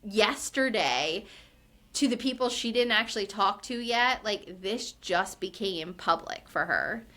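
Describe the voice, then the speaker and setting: Bright-voiced chatty woman podcaster. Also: mid-range voice, expressive, a little slow. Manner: chatty, fillers of "like", acts out quotes with rising exasperation. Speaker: podcast co-host recapping a reality show. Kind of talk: casual chat.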